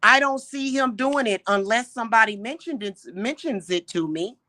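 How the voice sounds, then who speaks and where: A woman hosting a livestream, ranting indignantly at her viewers with exasperated rhetorical questions and slow, emphatic repetition. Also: on the high side, lively intonation, pushed and bright, dry recording. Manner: repeats points slowly and emphatically. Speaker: livestream host.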